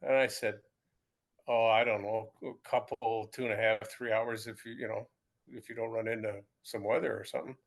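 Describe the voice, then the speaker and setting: A man's voice: fairly low pitch, steady tone, moderate pace, gravelly. A man in his seventies, a former pro football player, telling stories in a casual interview with many restarts and repeated words. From United States.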